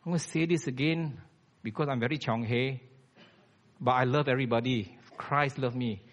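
A man's voice: medium pitch, normal speed. A man, preaching a blunt, emphatic sermon as a church elder.

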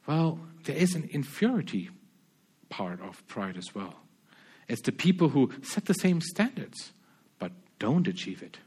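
A man's voice: mid-range voice, sing-song, a little slow, a little mellow, slightly rough. A man preaching a sermon, earnest, stammering restarts and repeating his key phrases.

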